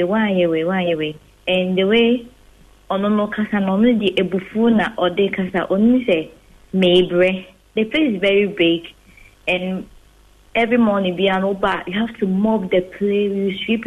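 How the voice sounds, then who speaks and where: A woman with a Ghanaian accent calling in to a radio show, telling her story in a rambling, pidgin-flavored way. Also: mid-range voice. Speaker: radio caller. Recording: tinny phone line.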